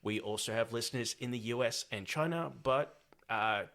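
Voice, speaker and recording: An Australian man hosts a casual podcast about films, his voice bright and forceful. He talks in a chatty, joking way, mixing asides and gags into the discussion. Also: medium pitch, normal speed. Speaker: podcast host. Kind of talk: casual film-chat podcast.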